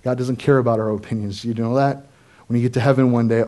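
A man preaching a sermon as pastor, emphatic and full of rhetorical questions, often tagging his points with a quick question before moving into a prayer. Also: medium pitch, dark tone.

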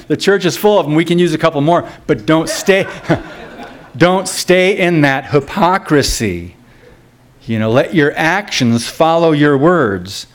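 A pastor preaching a sermon in a loose, conversational way, with asides, restarts and quick laughs. His voice climbs sharply whenever he quotes scripture or acts out a crowd. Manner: rises sharply in pitch when quoting scripture and crowds.

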